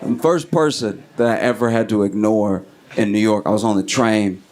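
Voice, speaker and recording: A man performing an animated stand-up comedy set on a club stage, acting out the people in his stories. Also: normal speed. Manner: animated storytelling, acting out voices, pitch swings up and down. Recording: live club recording with clear audience noise. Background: audience laughter.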